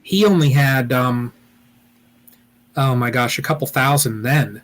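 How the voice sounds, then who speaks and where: A man's voice: mid-range voice, measured pace. A man from Ohio hosting a weekly beekeeping live chat, rambling casually with lots of "you know" and restarts.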